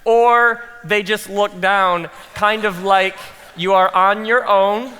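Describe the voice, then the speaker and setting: A man speaking to a room of pastors, telling funny stories from his own work and acting out his inner thoughts in a hushed voice. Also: sits high, slow pace, smooth. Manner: animated storytelling, acts out quoted inner thoughts in hushed tones. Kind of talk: conference talk with humorous stories. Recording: long hall reverb.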